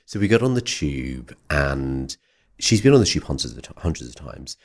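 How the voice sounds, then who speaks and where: A man hosting a podcast, telling a long rambling anecdote in an animated, chatty way. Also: very deep voice, moderate pace. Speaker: podcast host. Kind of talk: conversational storytelling.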